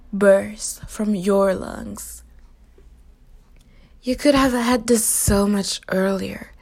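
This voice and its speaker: A woman with a medium-pitched, slightly mellow voice whispers a teasing, dominant role-play addressed intimately and directly to the listener. She often drops into an unvoiced whisper.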